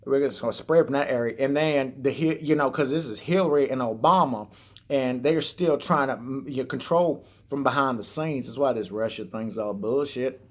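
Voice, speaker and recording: A man's voice: medium pitch, moderate pace. A man ranting on his vlog in a rambling, sarcastic and profane way. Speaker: vlogger. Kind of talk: rambling satirical rant.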